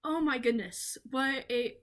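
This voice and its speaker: Young woman, from the Southern US, rambling video essay, lots of ums, eager, a little high. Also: unhurried, a bit bright. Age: young adult. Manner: rambling with frequent ums and restarts; enthusiastic, gushing. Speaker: video creator.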